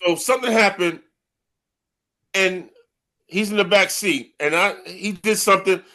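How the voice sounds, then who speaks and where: High, bright-voiced man telling rough stories. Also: measured pace. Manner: swears freely, animated, repeats "man" and "right?". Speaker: host. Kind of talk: casual storytelling among old teammates.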